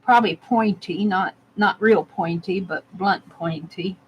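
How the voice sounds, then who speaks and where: A woman's voice: medium pitch, measured pace, lo-fi sound, slight background noise. A woman narrating casually as she carves a stamp, thinking aloud and laughing at herself. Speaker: art vlogger. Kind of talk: casual narration while crafting.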